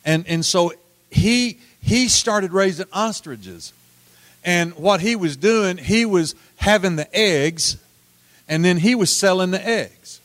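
Folksy preacher man, high voice. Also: slow pace, no room sound. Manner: folksy storytelling, repeats words, swings from loud to hushed. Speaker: pastor. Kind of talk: sermon.

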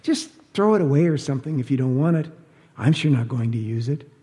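A man's voice: medium pitch, animated, a little fast, warm tone, in a large hall, lightly acted. A man reading an audiobook, voicing a sly divorced woman who talks in a sugary, teasing, falsely innocent way.

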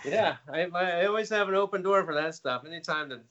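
A man's voice: high-pitched, quick pace, a bit bright, dull audio. A man from the United States, a guest on a casual call, who talks in an upbeat way, laughs often, and restarts his sentences. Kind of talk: casual chat.

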